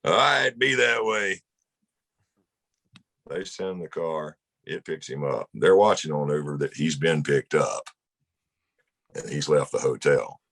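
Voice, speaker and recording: A man's voice: a bass voice, measured pace, a little mellow. A man from Mississippi, telling a rambling, folksy road story in a casual chat. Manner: folksy, rambling anecdote with laughs. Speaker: guest musician.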